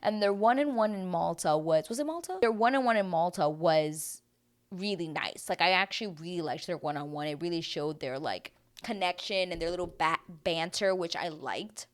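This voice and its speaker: A woman's voice: fairly low pitch, normal speed. A young woman in a chatty, dramatic, casual recap of a TV show. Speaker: TV recap vlogger.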